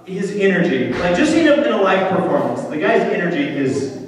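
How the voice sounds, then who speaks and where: High-voiced man echoing through a convention hall. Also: big pitch swings, fairly quick. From United States. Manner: rambling, self-interrupting, joking with crowd. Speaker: convention panel guest. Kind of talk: casual Q&A with audience. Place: convention hall with live audience. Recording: far-off echoey hall, crowd noise. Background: audience reactions.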